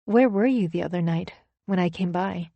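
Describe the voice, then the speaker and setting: A woman narrator voicing a gushing, conspiratorial female best friend in an audiobook, speaking in a hushed, sympathetic way. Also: on the low side, normal speed, gravelly, no echo, dull audio. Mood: coaxing. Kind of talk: audiobook character voice.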